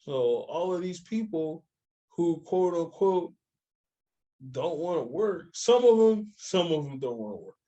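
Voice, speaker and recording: A young man co-hosting a casual chat, telling stories with animated voices for the people he quotes. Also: fairly high pitch, measured pace, dull audio. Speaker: podcast co-host.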